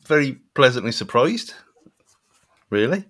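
A man's voice: medium pitch, big pitch swings, measured pace, a bit bright. A man co-hosting a podcast, chatting casually and wryly about a film, rambling and trailing off. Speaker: podcast co-host. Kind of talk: casual film review chat.

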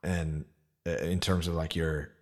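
A man's voice: sits low, level tone, unhurried. A man hosting a casual interview, asking curious, easygoing questions and sharing his own story of moving to New York. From outside New York. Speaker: podcast host.

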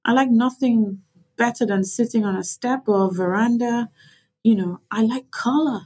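This podcast interview guest is a lawyer from Grenada with a mixed Caribbean and English accent, and her voice is fairly high, a little mellow, and husky. Speaking at a moderate pace, she reflects, stresses her points, and repeats herself, all captured in low quality.

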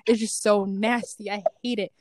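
A young woman co-hosting a podcast in casual chat, excitable and laughing often. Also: medium pitch, normal speed, no echo. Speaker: podcast co-host.

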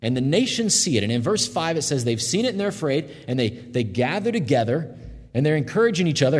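A man delivers a sermon with a slightly husky, breathy tone, talking earnestly and plainly to his listeners. He slows down and softens when he quotes scripture. His voice carries a long reverb, as if spoken in a large hall. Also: fairly high pitch, very animated. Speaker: pastor.

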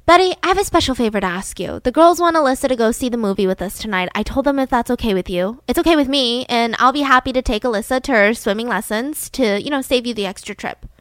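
A bubbly, childlike housewife, played by a woman gushes along in breathless chatter with a fairly high voice. The sound is close and dry, with no room around it, like a story told aloud on a podcast. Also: animated, quick pace, hardly any pauses, no echo, close to an everyday voice. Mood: chipper.

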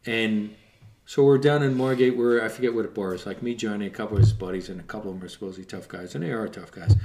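A man's voice: on the low side, fast talker, darkish tone. A middle-aged man from Boston, rambling and profane as he tells sports stories in casual podcast talk. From Boston area.

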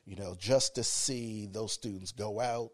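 A college educator in his fifties takes his time answering in a relaxed interview. His voice is deep and radio-like, and his tone is reflective.

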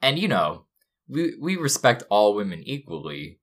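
A man's voice: on the low side, sing-song, normal speed, fairly bright tone. A young man co-hosting a comedy podcast from a dorm room, talking in a mock-earnest, rambling way. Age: young adult. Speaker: podcast co-host. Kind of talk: casual comedic podcast banter.

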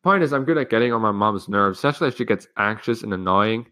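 A man's voice: on the low side, animated, fast, bright, forceful tone. A teenage man hosting a solo podcast, rambling frankly and casually with frequent swearing. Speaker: podcast host.

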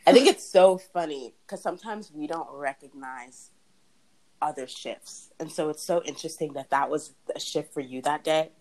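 A woman's voice: low-pitched, moderate pace, darkish tone, low-quality recording. A young woman hosting a casual faith chat, talking in a chatty way with frequent laughs and restarts. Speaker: podcast host.

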